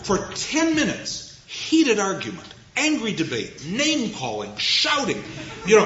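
Guy lecturing on poetry, high lively voice, acts out his students, echoey hall, dull noisy recording. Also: normal speed. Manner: animated storyteller, acts out students. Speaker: literature lecturer. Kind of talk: lecture with anecdote.

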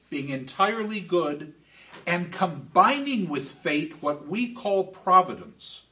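Male lecturer, high bright voice, emphatic, heard from afar on a dull recording. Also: distant mic. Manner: expressive, with emphatic repetitions. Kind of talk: classroom lecture.

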